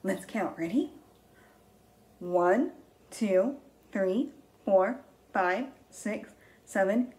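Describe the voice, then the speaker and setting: A woman reading a picture book aloud to young children as their teacher, gentle and patient, counting along and gasping with wonder. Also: mid-range voice, expressive, very slow, pauses often, low-quality recording. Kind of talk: slow read-aloud lesson for young children.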